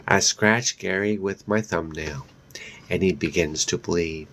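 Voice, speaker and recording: A man narrates a first-person horror story in a low voice. He reads slowly and deliberately, letting each sentence land. The tone stays even and measured throughout. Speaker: audiobook reader.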